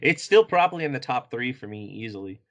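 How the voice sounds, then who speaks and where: A man co-hosting a podcast, reviewing comics in a relaxed chat, laughing often and saying "like" a lot. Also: medium pitch, quick pace. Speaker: podcast co-host.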